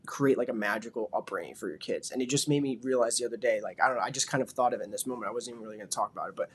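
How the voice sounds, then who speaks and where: A father in his thirties who vlogs talks very fast in a husky, mid-range voice. It's casual, reflective talk that rambles along, packed with "like" and "you know."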